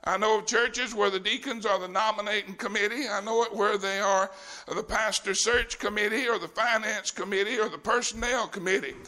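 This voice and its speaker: A man's voice: sits high, fairly even intonation, fairly quick, sharp tone. A man preaching a sermon at a deacon ordination, folksy and colloquial.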